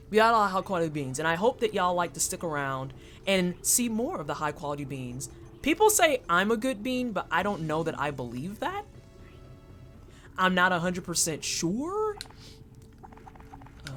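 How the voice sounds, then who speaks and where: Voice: medium pitch, very animated, moderate pace, a bit bright, faint music behind. A streamer chatting casually with viewers while playing a game, thanking supporters and making playful asides. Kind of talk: casual live-stream chat while gaming.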